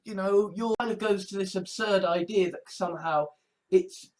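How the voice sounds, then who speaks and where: A man delivers a sarcastic, exasperated rant with plenty of swearing. His voice sits unusually high. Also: fairly even intonation, moderate pace, darkish tone. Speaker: online commentator. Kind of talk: ranting monologue compilation.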